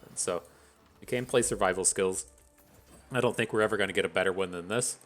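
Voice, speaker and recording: A man with a fairly low voice talks through his card game in a casual, thinking-aloud way. He weighs each play analytically and with a wry edge. Faint music plays underneath. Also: brisk, a bit bright. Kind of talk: casual gameplay commentary.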